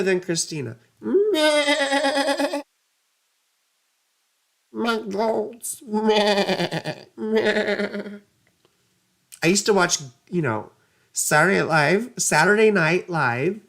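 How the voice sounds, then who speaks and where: A woman giving a casual astrology reading, chatty and rambling, drifting into side stories. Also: low-pitched. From United States. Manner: rambling, digressive, chatty, self-mocking.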